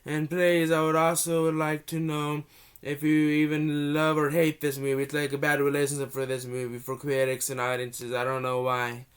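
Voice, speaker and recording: A young man with a cold giving a casual, rambling movie review vlog, often restarting his sentences and gushing with excitement. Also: fairly high pitch, moderate pace, clear, resonant tone. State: has a cold.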